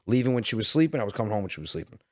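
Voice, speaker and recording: A man in his forties with a New York Italian-American accent, a comedian telling stories as a podcast guest, animated and quick, acting out dialogue. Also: lowish voice, no room sound, studio quality. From Westchester, New York. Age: 40s. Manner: animated storyteller, quick bursts, acts out dialogue. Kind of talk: casual podcast storytelling.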